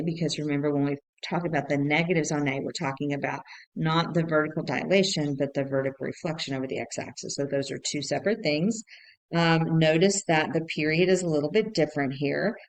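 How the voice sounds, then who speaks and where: Woman teacher, low voice, patient, repetitive, thinking aloud, recorded lesson. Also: poor audio. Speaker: math teacher.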